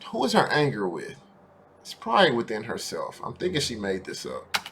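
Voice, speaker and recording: A man's voice: mid-range voice, huge pitch swings, normal speed, noisy background. A man hosting a reaction video, talking casually and incredulously in colloquial speech.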